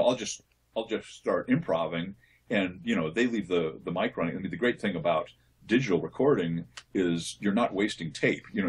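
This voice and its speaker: A man, a voice actor, answering interview questions in a relaxed, thoughtful way, often restarting his sentences as he explains. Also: lowish voice, breathy edge. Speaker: voice actor guest.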